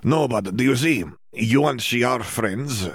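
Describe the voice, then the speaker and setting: A man voicing an earnest young wizard student, formal and halting. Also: medium pitch, husky, no echo, clean studio sound, pitched above the performer's own voice. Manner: stiff, formal non-native phrasing with hesitations. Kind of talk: audiobook character voice.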